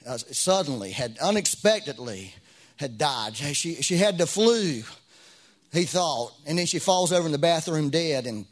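A man's voice: on the high side, lively intonation, measured pace. A middle-aged man preaching a sermon as pastor, in a conversational way with frequent restarts and rising bursts of emphasis.

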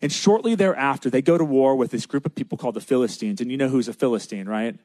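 A man's voice: mid-range voice, fast, warm tone, no echo. A man preaching a sermon in a casual, conversational way, with asides to his listeners. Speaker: pastor.

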